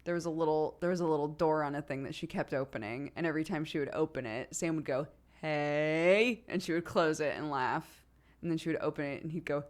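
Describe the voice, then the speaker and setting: A woman's voice: low-pitched, quick pace, a little mellow. A woman in her thirties chatting casually on a livestream, telling stories and laughing often as she acts out quotes. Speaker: streamer.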